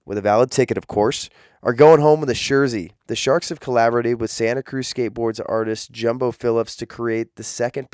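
A man hosting a pregame show with energetic, playful hype, his voice nasal and congested from the flu. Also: medium pitch, smooth, no room sound, studio quality. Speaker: arena gameday show host. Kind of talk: upbeat promotional hosting.

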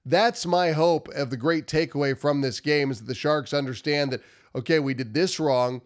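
A man's voice: on the high side, normal speed. A man with a nasal voice from a cold, giving emphatic, repetitive post-game hockey analysis. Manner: emphatic, repetitive, stumbles over words. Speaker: hockey commentary host.

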